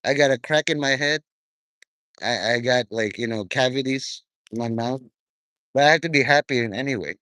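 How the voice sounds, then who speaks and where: A man's voice: medium pitch, moderate pace, pushed and bright, dry recording. A man giving a rambling, profane, stream-of-consciousness monologue to his viewers. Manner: profane, stream-of-consciousness, drifting between topics.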